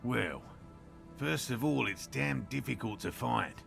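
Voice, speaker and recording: Gravelly, dry-witted cryptozoologist. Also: male voice, medium pitch, animated, unhurried. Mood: wry. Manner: dry, sarcastic, learned. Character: weathered middle-aged male cryptozoologist, dry and wry. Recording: game audio with music behind.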